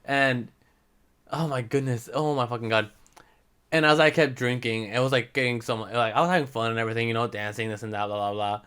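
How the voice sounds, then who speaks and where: A man's voice: medium pitch, steady tone, brisk, a bit bright, clear, resonant tone. A young man telling a rambling, profane story to the camera as a casual vlog, switching between English and Spanish. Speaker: vlogger.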